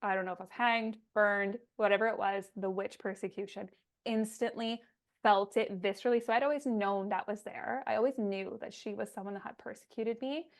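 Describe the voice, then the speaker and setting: Woman host, mid-pitch voice, telling a story all fired up over a video call. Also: fairly quick. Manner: emphatic, animated storytelling. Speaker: podcast host. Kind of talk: casual storytelling.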